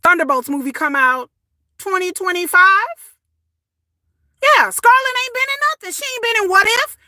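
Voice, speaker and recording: A woman, ranting casually to her viewers, sassy and animated, swearing and repeating words as she goes. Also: extremely high pitch, normal speed, no room sound, clean studio sound. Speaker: commentary vlogger. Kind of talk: casual opinion rant.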